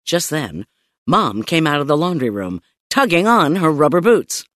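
Animated woman narrating a children's audiobook. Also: deep voice, normal speed, dry recording, studio quality. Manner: animated, playful storytelling. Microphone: close studio mic.

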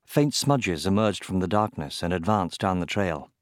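A man narrating a fantasy audiobook in a measured, steady storytelling manner. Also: sits low, dry recording, studio quality.

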